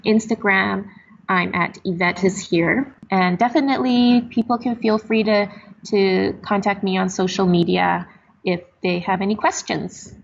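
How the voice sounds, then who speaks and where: A woman guest on a podcast, a doctor, giving earnest, measured advice. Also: mid-range voice, fairly even intonation, creaky, highs cut off, a little hiss or hum. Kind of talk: podcast interview.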